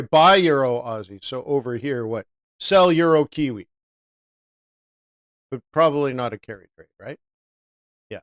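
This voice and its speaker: A man with a slightly raised pitch and a smooth, crisp voice leads a live forex trading lesson. He talks in a loose, chatty way and often turns aside to answer a viewer by name. The sound is close and dry, with almost no room echo.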